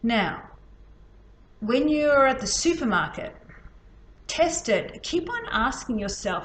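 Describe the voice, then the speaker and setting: A woman's voice: sits high, sing-song, slow. A woman instructor talks students through a hands-on technique in a loose, chatty way. She demonstrates as she goes. The room is echoey, with a faint background hum. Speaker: healing instructor. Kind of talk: casual teaching demonstration.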